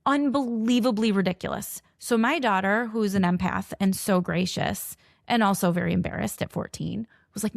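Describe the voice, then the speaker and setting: A woman's voice: medium pitch, normal speed, gravelly, dry recording, studio quality. A woman in her forties, a mother, telling a personal story to camera and acting out both sides of each conversation. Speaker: mother of a teenager with food allergies.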